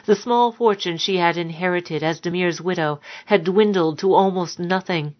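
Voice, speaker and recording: Low-voiced woman reading a dark story. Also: moderate pace, lo-fi sound. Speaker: narrator. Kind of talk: audiobook narration.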